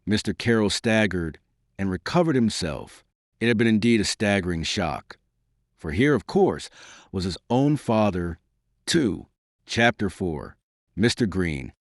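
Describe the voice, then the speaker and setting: Male audiobook narrator, low voice that swings widely, dry close sound, theatrical read. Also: measured pace, dry recording. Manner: expressive, theatrical reading. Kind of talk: scripted narration.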